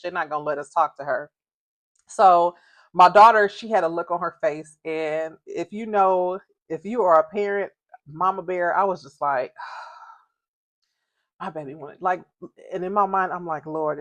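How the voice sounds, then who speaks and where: A woman's voice: fairly low pitch, no room sound. A middle-aged woman, a mother, casually telling a story with laughter, acting out quoted voices.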